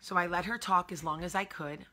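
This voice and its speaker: Brisk and steady, her lowish voice has a sharp edge. She is a woman in her thirties from New Jersey, hosting a frank personal vlog where she gets emotional and confessional and drives points home by repeating them.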